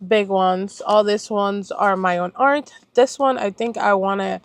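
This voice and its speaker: A chatty young adult from Puerto Rico, working as a planner vlogger, rambles through a casual chat, correcting herself and apologizing. She speaks a little slowly in a mid-range voice with a steady tone. There's no room sound.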